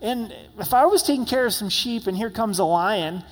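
A man's voice: high-pitched, lively intonation, moderate pace, in a large hall. A man in his young adult years preaching an earnest, conversational sermon at a church service, often repeating words as he speaks. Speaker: pastor.

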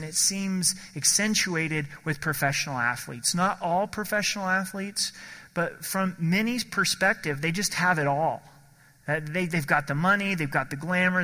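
Man, pastor preaching, bright forceful voice, fairly high, long hall reverb. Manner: earnest preaching, slows and drops his voice for scripture. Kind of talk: sermon.

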